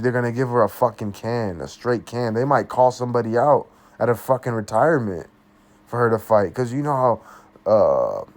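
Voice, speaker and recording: A young man giving a casual, blunt fight review, swearing constantly and talking in loose slang. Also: fairly low pitch. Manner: blunt, heavily profane, slangy. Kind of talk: casual commentary.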